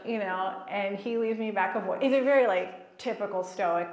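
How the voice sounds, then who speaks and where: Woman, faith-event speaker, lively and self-mocking storyteller, mid-pitched, miked in a reverberant hall. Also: moderate pace. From child of Egyptian parents, raised in America. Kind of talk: personal storytelling talk. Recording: echoey hall.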